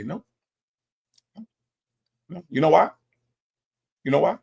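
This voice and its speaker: Casting: male livestream host, gravelly voice, sassy and emphatic, repeats his punchlines. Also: fairly high pitch, animated, slow pace, long pauses, a little mellow. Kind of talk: livestream commentary reading chat.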